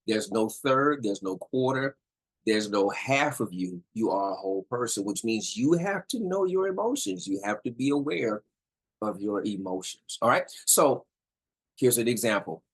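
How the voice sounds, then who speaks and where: Husky-voiced man coaching on relationships. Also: medium pitch, expressive, moderate pace, low-quality recording. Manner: emphatic, repeats points, asks "all right?". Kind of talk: casual instructional talk to viewers.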